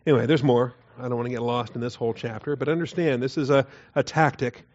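A man teaching through Bible verses in an earnest, emphatic way, often dropping his voice low to stress a point. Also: fairly even intonation, fast, a little mellow. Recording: dull lo-fi recording.

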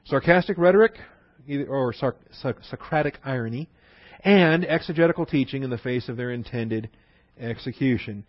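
A man's voice: medium pitch, no echo. Man teaching Bible, dull dry recording. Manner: conversational, repeats phrases for emphasis, slows to spell out words. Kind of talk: classroom Bible lesson.

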